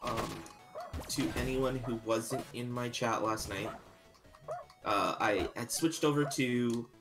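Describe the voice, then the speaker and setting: A man's voice: medium pitch, steady tone, takes it slowly. A man chatting casually on a live stream while gaming, sleepy and yawning, rambling with many restarts. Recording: stream audio with game music behind. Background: game music.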